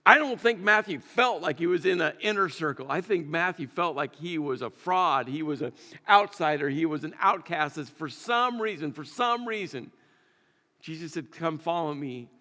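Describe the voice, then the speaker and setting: A man's voice: a little high, animated, moderate pace, pushed and bright, long reverb tail. A man preaching a sermon in a conversational, storytelling way, with emphatic repetitions. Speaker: pastor. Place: church sanctuary.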